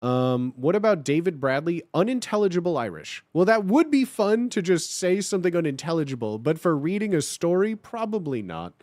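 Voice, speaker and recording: A young man hosting a live stream with a high, lively voice that jumps all over the place. He chats casually with his viewers, swearing freely and breaking into laughs. The sound is close and dry. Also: fairly quick, few pauses, no room sound. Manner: animated, swears a lot, laughs often. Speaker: livestream host.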